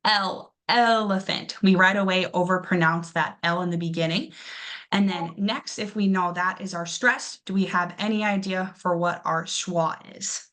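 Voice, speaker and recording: Young woman, teacher, encouraging, drawn-out demonstrated syllables, classroom lesson. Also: on the low side, fairly even intonation, fairly bright tone. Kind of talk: classroom English pronunciation lesson.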